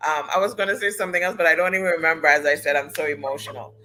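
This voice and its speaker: A woman's voice: low voice, fairly even intonation, very fast, bright, forceful tone, a little hiss or hum, rough recording. A woman hosting a panel talk show, closing it out with effusive, repeated thanks and praise. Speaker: host.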